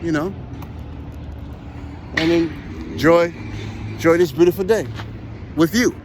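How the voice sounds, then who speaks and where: A man's voice: fairly high pitch, slow pace, noisy background. A man chatting casually outdoors while out on a walk, rambling and emphatic and often repeating himself. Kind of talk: casual chat while walking.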